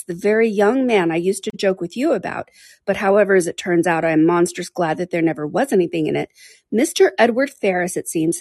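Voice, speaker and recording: A woman's voice: mid-range voice, a little mellow, husky, no room sound, clean studio sound. A woman reading aloud, voicing a garrulous, gossiping older woman in an audiobook. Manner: breathless chatty gossip, exclaiming often. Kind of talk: audiobook character voice.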